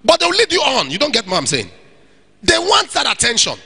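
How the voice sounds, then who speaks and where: Preacher, male, high and expressive voice, animated sermon to singles, long hall reverb. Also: fairly quick, gravelly, slightly rough. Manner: animated preaching, acts out little scenes. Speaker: pastor. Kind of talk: sermon to young single men.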